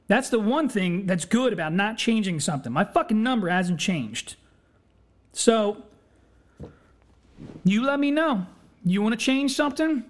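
A man hosting a podcast, talking in a candid personal monologue, blunt, earnest and full of swearing. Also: very high voice. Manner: blunt and heavily profane; impassioned, earnest. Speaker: podcast host.

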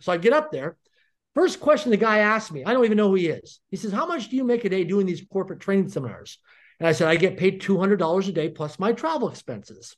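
A fast-talking man with a high-set voice tells a personal story at full pace. He is middle-aged and animated, and he acts out every line of dialogue as he goes. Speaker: podcast guest. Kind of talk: energetic storytelling.

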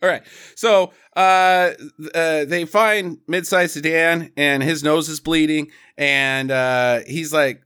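A man's voice: fairly high pitch, fairly even intonation, slow pace, few pauses, pushed and bright, clean tone. A man hosting a podcast, casually retelling a film's plot and slipping into silly voices for the characters. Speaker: podcast host. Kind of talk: casual movie recap chat.

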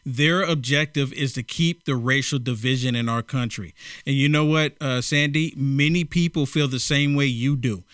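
A man's voice: medium pitch, moderate pace, fairly bright tone, smooth, no echo, clean studio sound. A man co-hosting a political talk show, speaking in an indignant, emphatic way. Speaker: co-host.

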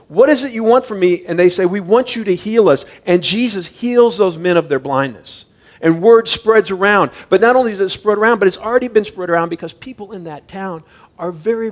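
Higher-voiced male pastor preaching. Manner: conversational, explanatory preaching; reads scripture aloud. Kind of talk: sermon.

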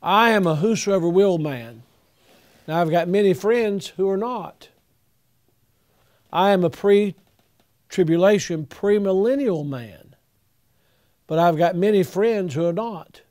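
An older man, a pastor giving earnest, folksy advice to young preachers, halting now and then with fillers. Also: sits high, a little mellow.

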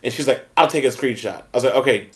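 A man co-hosts a casual podcast. His voice is mid-pitched. He tells stories with energy, quoting others' lines and laughing as he goes. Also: quick pace. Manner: animated storytelling, acting out quotes, laughing. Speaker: podcast co-host. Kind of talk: casual chat.

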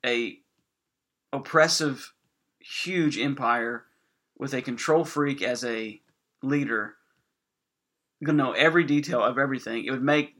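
A man from Indiana chats on a podcast, often stopping and restarting his sentences. His tone is bright and forward, at a middle pitch. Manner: halting, with many restarts. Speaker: podcast co-host. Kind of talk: casual chat.

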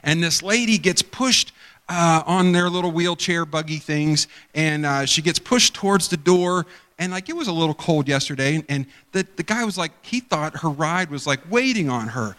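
Rambling pastor in a reverberant hall. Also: male voice, on the high side, lively intonation, normal speed, a bit bright. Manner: rambling, conversational, acts out quoted people. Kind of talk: sermon with storytelling. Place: church sanctuary.

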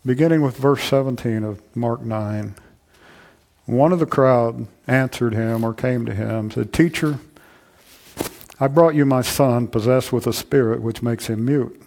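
A pastor speaks a little slowly with vocal fry as he preaches to his congregation. He swings between loud, fervent passages and quiet, intimate asides, repeating "I'm telling you" often.

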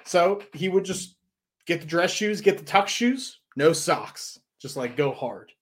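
A man's voice: fairly high pitch, animated, measured pace. A man co-hosting a podcast, telling stories and giving advice in a loose, rambling way with lots of fillers. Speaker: podcast co-host. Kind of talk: casual podcast chat.

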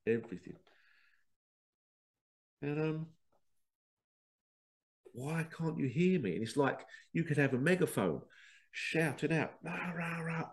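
A middle-aged man, talking in a casual, animated podcast monologue, laughing at himself and acting out remembered conversations. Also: medium pitch. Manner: animated, self-laughing, quotes others in dialogue. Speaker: podcast host.

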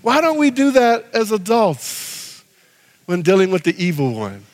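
A man preaching a sermon as pastor, animated, swinging from loud exhortation to hushed prayer. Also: high-pitched, unhurried. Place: church sanctuary. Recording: long reverb of a church hall.

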